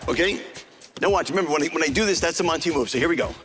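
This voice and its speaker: Fast-joking New street magician. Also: male voice, a little high. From New York City. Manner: fast, joking showman patter with self-corrections. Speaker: magician performing on stage. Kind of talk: comic stage patter. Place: TV studio stage with live audience. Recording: live TV stage with music and audience.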